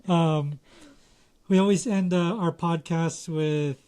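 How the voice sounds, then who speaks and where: A man's voice: a little high, fairly even intonation, slow pace, dark tone, clear, resonant tone. A man co-hosting a podcast, asking questions in a hesitant, easygoing way with many fillers. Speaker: podcast co-host. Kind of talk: casual interview chat.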